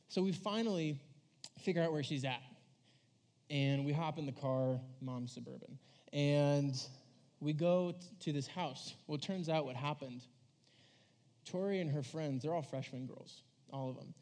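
A man's voice: on the high side, a little slow, darkish tone. Rambling young man preaching to youth. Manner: rambling, heavy use of "like", acts out quoted voices. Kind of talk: casual storytelling sermon.

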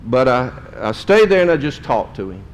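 A man's voice: medium pitch, big pitch swings, normal speed. A middle-aged man, a pastor telling a story in a sermon in a folksy, emotional way. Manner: folksy, emotional storytelling with drawled Southern phrases.

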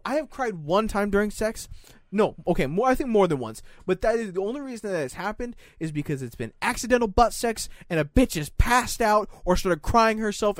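Animated young man telling crude stories. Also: high-pitched, no room sound, studio quality. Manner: crude, animated storytelling with lots of swearing. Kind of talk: casual chat.

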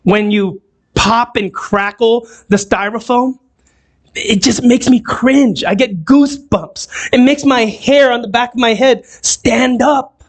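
Speaking slowly in a very high-pitched voice, a man preaches to a congregation in a church hall, conversationally asking them questions. The sermon is also streamed over a video call.

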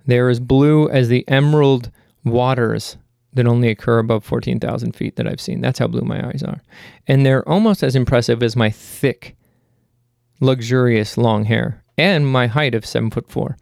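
A man with a gravelly, mid-pitched voice talks through a casual monologue. He drifts into goofy, self-mocking tangents and then turns sincere and urgent. The sound is dry and close. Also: fairly even intonation, normal speed, a little mellow, no room sound. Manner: rambling, self-mocking jokes mixed with earnest appeals. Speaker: host.

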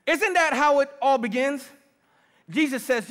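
A middle-aged man preaching a sermon as pastor, lively and personal, calling on the congregation. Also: very high-pitched, unhurried. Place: large church hall. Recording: long reverb of a big hall.

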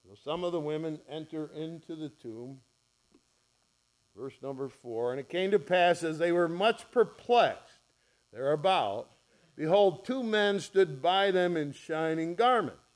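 A pastor preaches a sermon in church, speaking slowly in a fairly high, expressive voice. He tells stories and acts out quoted voices, sometimes softly and sometimes loudly.

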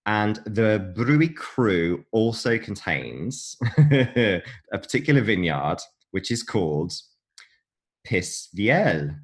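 A man with a very low voice that swings widely in pitch, co-hosting a casual chat. He explains things in a relaxed, jokey way and laughs often. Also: slow pace. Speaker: podcast co-host.

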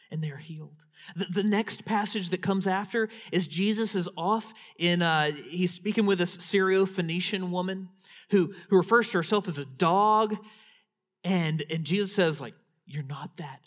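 Man preaching with dramatic hushed drops. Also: fairly high pitch. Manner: swings from loud emphatic preaching to hushed whispers; repeats words when restarting. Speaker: pastor. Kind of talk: sermon.

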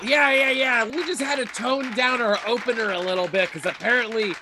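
A man's voice: very high voice, a little fast, music in the background, crowd noise. A man co-hosting a horror podcast in crude, joking, casual chat. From Reno, Nevada. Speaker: podcast co-host.

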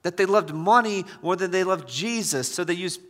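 Bright-voiced preaching man, echoing hall. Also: sits high, animated, moderate pace. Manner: repeats key phrases for emphasis, swings from quiet to loud. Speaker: pastor. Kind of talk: sermon. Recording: long church reverb.

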